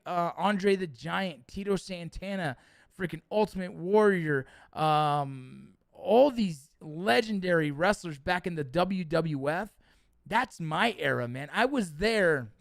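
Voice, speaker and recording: A middle-aged man hosting a livestream, reading chat and telling stories in a casual, profane, animated way. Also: high-pitched, vocal fry, dry recording, studio quality.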